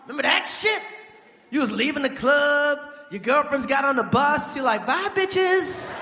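A man performing a profane stand-up comedy set in front of a live audience, with a loud, punchy delivery. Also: very high voice, moderate pace. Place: large theater stage with live audience. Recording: echoey live venue, crowd noise.

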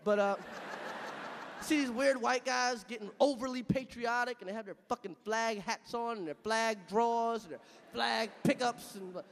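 High-voiced profane stand-up comic man. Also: normal speed. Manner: profane, animated, shouts punchlines. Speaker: stand-up comedian. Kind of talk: live stand-up routine. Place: stage in a large hall. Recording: live venue with reverb and audience.

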